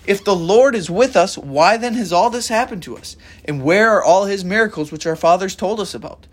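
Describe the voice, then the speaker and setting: A man acting out a starving, terrified man who is fed up and protesting hard. His voice climbs higher and higher as he fires off indignant questions, sounding exasperated throughout. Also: expressive, fast, a bit bright, slightly rough, heavily acted.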